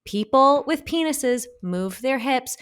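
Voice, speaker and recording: A woman's voice: sits high, animated, slow pace, fairly bright tone, clean tone. A woman co-hosting a podcast in casual chat, rambling, laughing and poking fun at herself. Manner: rambling, laughing, self-mocking. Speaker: podcast co-host.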